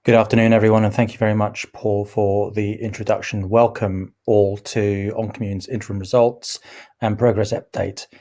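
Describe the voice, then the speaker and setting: Hesitant, croaky-voiced man presenting to investors. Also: on the low side, little pitch movement, warm tone. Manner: halting, many ums and restarts. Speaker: company chief executive presenting results.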